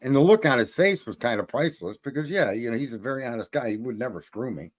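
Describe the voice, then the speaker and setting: A man's voice: medium pitch, lively intonation, fast. A man hosting a live stream, chatting and telling stories in a blunt, profane, rambling way. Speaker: stream host. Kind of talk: casual chat.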